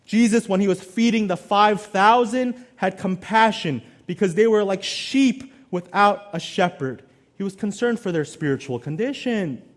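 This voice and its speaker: A male pastor preaching a sermon, swinging between loud emphasis and quiet, low asides. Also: normal speed.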